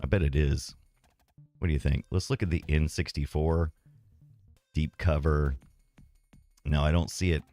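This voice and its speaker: A man's voice: rumbling low, fairly even intonation, a little slow, long pauses, warm tone, faint music behind. A man streaming retro games, rambling casually and self-deprecatingly as he reads and answers his chat.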